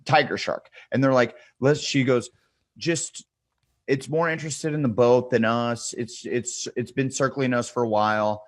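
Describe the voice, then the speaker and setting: A man's voice: medium pitch, normal speed, no room sound. A man in casual podcast chat, telling a story with lots of swearing and laughter, acting out what others said. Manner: animated storyteller, acts out quotes, swears freely, laughs often. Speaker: podcast guest.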